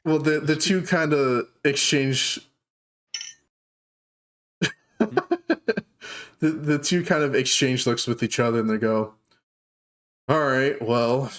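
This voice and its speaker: A man running a tabletop game as game master, narrating in a halting way with many fillers. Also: fairly high pitch, fairly bright tone.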